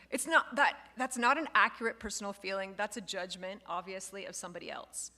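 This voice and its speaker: A woman instructor giving a lively lecture to a live class, acting out example phrases as she goes. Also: medium pitch. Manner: lively, expressive, acts out quoted phrases.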